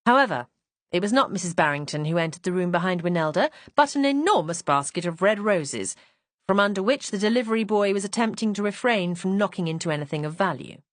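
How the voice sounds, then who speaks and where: Woman narrator, audiobook reading, lively pitch, dry close sound, poised. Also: brisk, dry recording. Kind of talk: scripted first-person narration.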